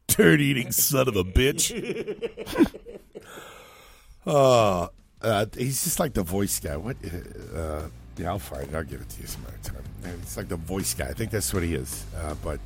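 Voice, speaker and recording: A man's voice: low voice, lively intonation, fairly quick, hardly any pauses, over music. A man hosting a talk radio show, reading listener texts and rambling with chuckles and restarts. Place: radio studio. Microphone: close studio mic.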